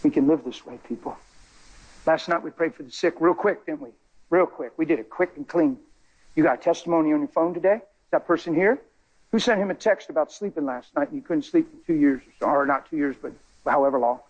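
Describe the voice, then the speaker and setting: A male preacher telling a story in a sermon, excitable, jumping between loud high bursts and low quiet asides. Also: a little fast, dull audio. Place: church.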